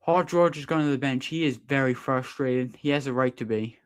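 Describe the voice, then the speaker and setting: A man doing live fan play-by-play of a basketball game, partisan and quick to protest the referees' calls. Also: mid-range voice, clean tone. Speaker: sports streamer doing play-by-play.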